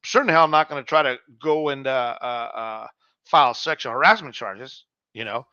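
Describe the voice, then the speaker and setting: A man's voice: mid-range voice, moderate pace, bright, forceful tone, clear, resonant tone, no echo, muffled recording. A middle-aged man co-hosting a podcast, chatting casually, swearing freely and calling his friend "man" and "dog". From Mexican heritage. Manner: laid-back storyteller, swears freely, says "man" and "dog". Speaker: podcast co-host.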